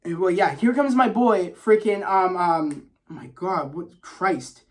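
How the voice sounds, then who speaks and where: Excitable rambling young man. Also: sits high, slow, hardly any pauses. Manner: excited, rambling, frequent fillers and profanity. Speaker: vlogger reviewing a movie. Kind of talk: casual spoken movie review.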